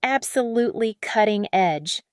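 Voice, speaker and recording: A woman's voice: medium pitch, lively intonation, measured pace, smooth, no room sound, studio quality, pitched above the performer's own voice, lightly acted. Woman voicing a roaring drunk tycoon. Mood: boastful. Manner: shouting, snapping, roaring. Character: drunk furious tycoon husband, man.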